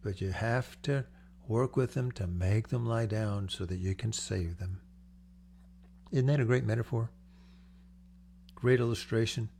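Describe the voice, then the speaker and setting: A man's voice: on the low side, unhurried, gravelly, long pauses, a little mellow, a little hiss or hum. An older man preaching a sermon in a conversational, storytelling way, acting out the voices he quotes. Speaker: pastor.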